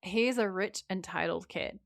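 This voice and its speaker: A woman's voice: medium pitch, measured pace, vocal fry, no echo, studio quality. A woman co-hosting a podcast, recapping a TV episode in casual chat, telling the story with energy and swearing freely. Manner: animated storytelling, voices the characters' lines. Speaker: podcast co-host.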